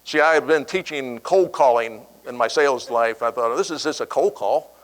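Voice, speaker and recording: A middle-aged man speaking at an event and telling a personal story. His voice sits in an ordinary middle register. He acts out the quoted voices with sudden jumps in pitch. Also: moderate pace, rough recording. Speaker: keynote speaker. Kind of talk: storytelling speech.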